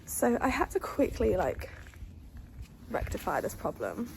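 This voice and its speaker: A young equestrian vlogger chats casually about her horse and coos fond baby-talk to him. Her medium-pitched voice swings hugely and is creaky and unhurried, with background noise behind it.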